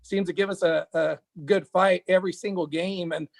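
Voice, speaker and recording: A man, a high school football coach, chatting casually and rambling with many fillers and restarts. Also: fairly even intonation, normal speed, gravelly, no room sound. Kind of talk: casual chat.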